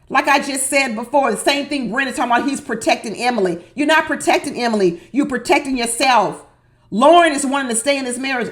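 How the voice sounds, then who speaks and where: High-voiced sassy woman recapping reality TV. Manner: sassy, exasperated, emphatic repetition. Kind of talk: opinionated reality TV commentary.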